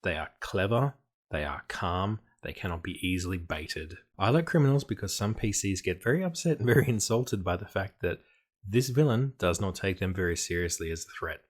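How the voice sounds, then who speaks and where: A man's voice: sits low, lively intonation, moderate pace. A man giving an explanatory talk on tabletop game design, emphatic and dry, with playful asides.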